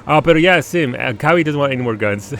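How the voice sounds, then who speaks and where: A man's voice: mid-range voice, a little fast, soft background music. A man streaming a game live, chatting casually with his viewers, laughing often and restarting his sentences. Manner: animated, laughing, stammering restarts. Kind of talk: casual live gameplay commentary.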